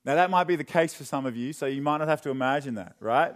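A young man preaching a sermon in a church, chatty and joking, then dropping into quiet, earnest questions. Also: fairly high pitch, fast talker, hardly any pauses. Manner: conversational and joking, with sudden drops to quiet earnestness. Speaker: pastor. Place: church hall.

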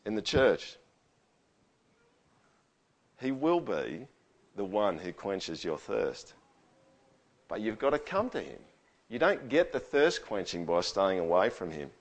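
Pastor preaching, soft to booming. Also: male voice, very animated, slow, long pauses. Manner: preaches with big swings, booming quotes then dropping to near-whispers; asks the congregation for agreement. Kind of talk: sermon. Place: church hall with live sound. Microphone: stage microphone through a sound system.

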